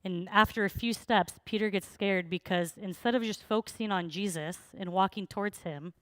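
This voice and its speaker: A woman's voice: lowish voice, no room sound. A woman preaching a sermon, telling the story in a chatty, informal way with plenty of fillers.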